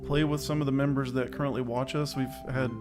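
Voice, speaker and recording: A podcast co-host speaks fast in a flat, medium-pitched voice on a casual online chat show with music in the background. Slightly out of breath, he rambles in an upbeat and self-aware manner.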